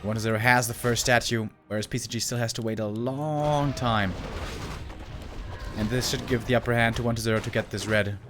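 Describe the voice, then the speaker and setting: A man's voice: medium pitch, fairly even intonation, moderate pace, music in the background. A man giving live commentary on a strategy game match, chatty, exclaiming at big plays and drifting into casual asides to viewers. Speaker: esports caster.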